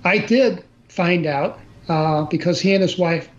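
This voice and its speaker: A man's voice: sits high, measured pace. An older man telling a personal story in conversation, plain and earnest, often restarting and using fillers. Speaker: guest storyteller. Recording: slightly dull audio with faint noise.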